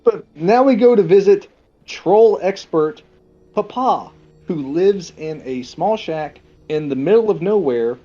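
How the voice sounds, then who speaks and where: Brief: fairly high-voiced male podcast co-host, crude jokey scene retelling, slightly dull lo-fi recording. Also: lively intonation, a little slow, warm tone. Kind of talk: casual movie review chat.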